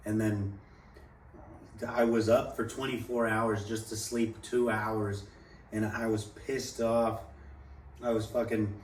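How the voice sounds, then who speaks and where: Profane young man telling a rambling story. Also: on the low side. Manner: profane, rambling, animated quoting. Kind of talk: casual storytelling. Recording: echoey room, mic at a distance, faint background noise.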